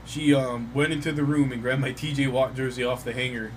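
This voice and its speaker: A young man in casual podcast chat, swearing freely as he tells stories about his family and his team. His voice sits at an everyday pitch, with a faint hum of background noise behind him. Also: steady tone, fairly quick, poor audio. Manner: profane, storytelling. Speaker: podcast co-host.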